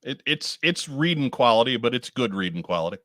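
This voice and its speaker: A man co-hosting a casual podcast, talking in halting bursts and often repeating his first words. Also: medium pitch, animated, a bit bright, no room sound. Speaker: podcast co-host.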